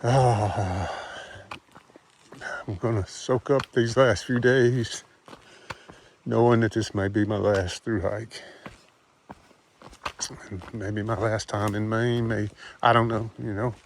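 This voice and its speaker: A man filming himself outdoors at a trailhead, talking emotionally and gratefully with halting pauses. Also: fairly low pitch, fairly even intonation, slight background noise. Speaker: thru-hiker vlogger.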